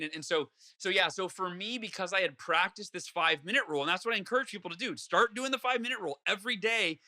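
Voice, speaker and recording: A man's voice: high-pitched, fast, hardly any pauses, pushed and bright. A man being interviewed, speaking earnestly and acting out his own inner voice as he tells a story. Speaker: guest author. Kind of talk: conversational interview.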